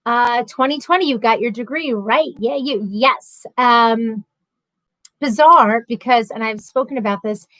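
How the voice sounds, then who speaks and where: Chatty, high-voiced woman hosting a livestream. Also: fairly bright tone, dry recording, poor audio. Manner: chatty, reads out viewer comments, laughs easily. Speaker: livestream host. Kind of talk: casual livestream chat.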